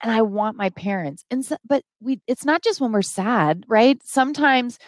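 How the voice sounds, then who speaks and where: A woman's voice: on the high side, lively intonation, moderate pace, dry recording. A middle-aged woman hosting a motivational live stream, talking to her viewers and getting teary as she speaks. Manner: emotional, reads chat names aloud, gets teary.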